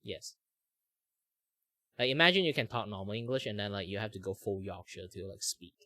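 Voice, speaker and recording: Junger Mann mit malaysischem Akzent, heller Klang. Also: male voice, lowish voice, fairly quick, dry recording, studio quality. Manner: rambling, many "like" fillers, animated impressions. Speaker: streamer host. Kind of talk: casual chat while drawing.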